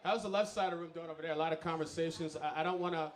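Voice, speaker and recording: High-voiced man hyping a club crowd. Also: fairly even intonation, very fast. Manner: loud hype-man shouting at the crowd. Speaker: comedy show host. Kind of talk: stand-up crowd work. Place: packed comedy club stage. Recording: roomy live club with crowd noise. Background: laughing crowd.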